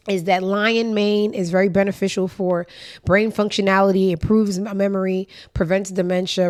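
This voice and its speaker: A woman hosting a casual commentary show, sassy, blunt and profane, speaking. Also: medium pitch. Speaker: host.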